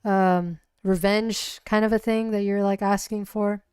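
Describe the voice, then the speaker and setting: A woman's voice: medium pitch, level tone, a little slow, darkish tone, clear, resonant tone, dry recording, clean studio sound, close to an everyday voice. A woman voicing a blunt, cautious male fixer who smokes, an old friend in a cyberpunk tabletop game, in her own near-normal voice. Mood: incredulous.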